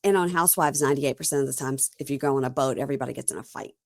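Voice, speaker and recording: A woman's voice: rumbling low, very fast, dry recording, clean studio sound. A married woman co-hosting a podcast, talking casually and acting out bits of conversation. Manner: relaxed and drawling, acts out quoted lines. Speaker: podcast co-host. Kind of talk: casual chat, reads ad copy.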